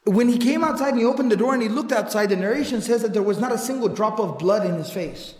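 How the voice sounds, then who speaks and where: High-voiced male preacher in an echoey hall. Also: fast, darkish tone. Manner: retells narrations with repetition, quotes Arabic recitations. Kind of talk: sermon storytelling. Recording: echoey hall with long reverb.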